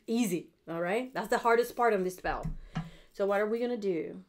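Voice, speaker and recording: A middle-aged woman hosts a witchcraft video, walking viewers through a spell in a blunt, chatty style, swearing freely and checking in with them often. Her voice is medium-pitched at a normal speed, with a slight hiss or hum.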